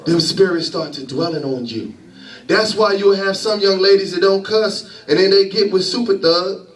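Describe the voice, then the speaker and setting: A man's voice: high voice, normal speed, roomy sound, recorded from a distance, rough recording. A man in his thirties preaching a sermon in a church, talking to the congregation conversationally and with humor. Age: 30s. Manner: conversational preaching with laughter and call-and-response.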